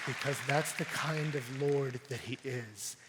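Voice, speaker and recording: A man preaching a sermon at a youth camp, telling stories with animated energy that rises to shouts. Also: medium pitch, unhurried, crowd noise, noisy background. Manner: animated storytelling, rising to shouts. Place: large arena at a youth camp. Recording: long arena reverb.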